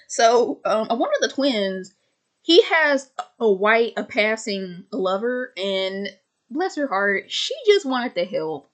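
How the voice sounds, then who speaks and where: A woman's voice: mid-range voice, lively intonation. Woman film reviewer, casual and rambling, audible stutter, lots of fillers, acts out quotes. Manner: chatty, rambling with fillers and repeated words; acts out characters' lines in quick put-on voices.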